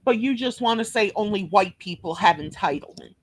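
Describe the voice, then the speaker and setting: A woman's voice: mid-range voice, expressive, fairly quick, dry recording. A woman with a New York accent hosting a reaction video, delivering a blunt, cursing, scolding rant. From Brooklyn, New York. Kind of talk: profane reaction commentary.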